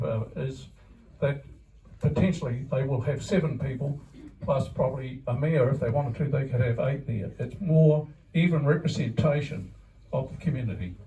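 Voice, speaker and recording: A man's voice: medium pitch, warm tone. A man with a New Zealand accent, a council candidate stating his position firmly at a public meeting. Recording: distant mic.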